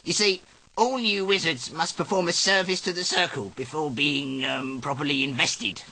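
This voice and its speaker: A haughty wizard leader with a piercingly bright, sharp tone, talking down grandly. He is a comic adventure game character with a slightly raised pitch. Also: steady tone, normal speed. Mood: condescending. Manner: pompous and condescending. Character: pompous leader of a wizard circle.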